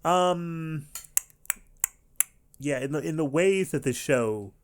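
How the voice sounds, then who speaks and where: A man streaming an anime reaction, talking casually and rambling with frequent restarts and animated outbursts. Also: fairly high pitch, slow pace, a little hiss or hum.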